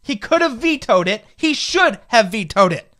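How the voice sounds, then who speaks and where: A man's voice: very high voice, big pitch swings, moderate pace, sharp tone. A man in his twenties, a political commentator, delivering a fired-up, indignant opinion rant full of rhetorical questions. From United States. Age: 20s.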